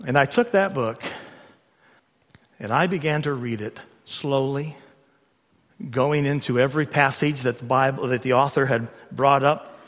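A middle-aged man preaching a sermon as a pastor, emphatic and rising to loud peaks on key points. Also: medium pitch. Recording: long reverb of a large hall.

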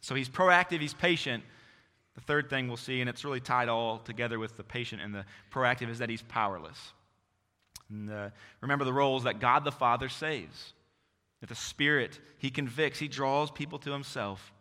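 A man's voice: mid-range voice, moderate pace, pushed and bright. Earnest preacher man in a reverberant hall. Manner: earnest, repetitive exhortation with frequent restarts. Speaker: pastor. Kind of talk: sermon.

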